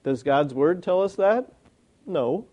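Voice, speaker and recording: A man's voice: a little high, animated, slow, dark tone. A man giving a sermon in a plain, conversational way, often asking rhetorical questions. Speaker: preacher.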